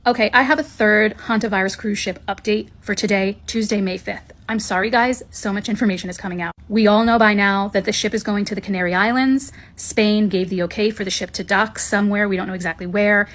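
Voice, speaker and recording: A woman giving viewers a brisk, step-by-step news update. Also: medium pitch, steady tone, fairly bright tone. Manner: brisk, informative, sequential recounting.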